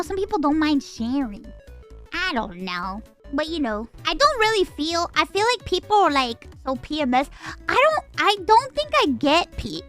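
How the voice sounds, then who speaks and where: A woman's voice: high-pitched, a bit bright. A woman streamer in casual livestream chat, bubbly, jumping between squeals and mumbles.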